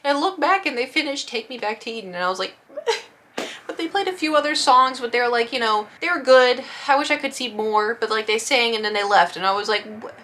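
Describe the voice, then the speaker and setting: A woman's voice: on the high side, fairly quick, a little hiss or hum. A young woman chatting casually through a story and acting out what people said. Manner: animated, acts out quotes in shifting voices. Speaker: vlogger.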